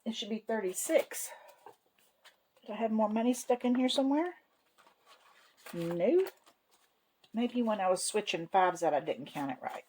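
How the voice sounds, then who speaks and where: A woman's voice: mid-range voice, expressive, measured pace, pauses often, darkish tone, slight background noise, rough recording. A woman hosting a savings vlog, chatting in a folksy, homey way and counting money aloud to herself. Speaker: savings channel host. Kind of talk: casual cash-stuffing vlog narration.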